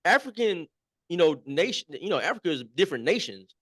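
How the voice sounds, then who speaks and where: A man's voice: fairly high pitch, very animated, brisk, a bit bright, breathy edge, no room sound, studio quality. A man appearing as a guest on a talk show, making his points emphatically and repeating them in casual chat.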